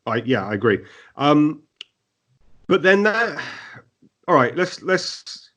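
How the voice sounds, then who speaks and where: A man, co-hosting a podcast and reviewing a TV episode in casual, animated chat full of fillers and restarts. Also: on the high side, slow pace. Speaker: podcast co-host.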